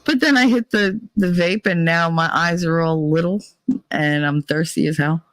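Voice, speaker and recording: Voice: mid-range voice, moderate pace, fairly bright tone, no room sound, poor audio. A livestream host chatting casually and profanely with viewers, rambling, laughing and humming filler tunes between thoughts. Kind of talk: casual rambling chat to a live chat.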